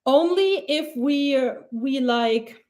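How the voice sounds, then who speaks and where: A woman's voice: high-pitched, slow pace, darkish tone. A young woman giving a casual, rambling pep talk as a mindset coach on a live stream, blunt and swearing freely.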